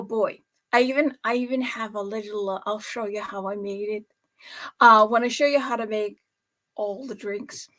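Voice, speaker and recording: A woman hosting a casual cooking vlog from her home set, chatty and full of laughs and exclamations. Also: a little high. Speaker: host making drinks at home.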